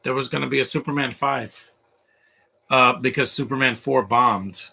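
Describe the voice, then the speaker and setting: A man's voice: mid-range voice, steady tone, moderate pace, gravelly, bright, forceful tone, breathy edge. A man giving live commentary while watching a cartoon, rambling and offhand, with joking asides.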